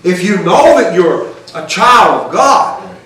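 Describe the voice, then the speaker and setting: A man preaching with a fairly high voice, earnest and pressing, often restarting a phrase to drive it home. He sounds set back from the mic in a big echoing church room. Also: lively intonation, takes it slowly, a bit bright. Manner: earnest, restarts phrases while building a point. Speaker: pastor. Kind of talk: sermon. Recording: echoey hall, voice from far off the mic.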